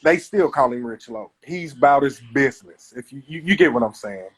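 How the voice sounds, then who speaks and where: A man's voice: mid-range voice, animated, husky. A man from Kansas City, a comedian telling stories in casual chat on a live stream. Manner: storytelling, does quick voices of others.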